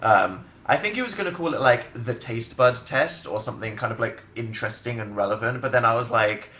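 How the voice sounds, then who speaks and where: Brisk and sharp-toned, with lively intonation and a medium pitch, a young English livestream host in his twenties chats casually from his indoor bedroom setup. He rambles sardonically and laughs often while reading comments, and the sound is roomy.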